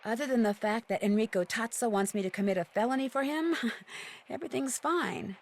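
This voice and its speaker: An actress playing a calm, curious young woman detective in a video game, speaking in an even, matter-of-fact way. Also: on the high side, brisk, close to an everyday voice.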